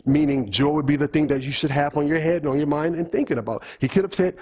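A man's voice: fairly high pitch, fairly quick, a little mellow, breathy edge. A middle-aged man preaching a teaching sermon in a church, asking the congregation questions as he goes. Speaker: pastor.

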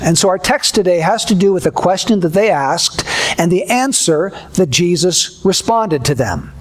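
High-voiced man preaching a measured sermon. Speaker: pastor.

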